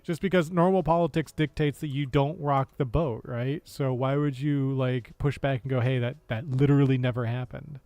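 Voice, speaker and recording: An American man streaming casual political commentary, sarcastic and laughing often, with halting speech full of fillers and restarts. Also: medium pitch, a little mellow, clean tone, dry recording. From United States.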